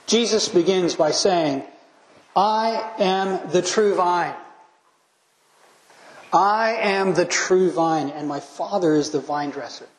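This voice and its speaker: A man pastor delivers a methodical sermon, counting off points and scripture references and pressing home key lines. His voice sits a little high for a man. The sound rings in an echoey sanctuary over a faint room hum. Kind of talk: expository sermon.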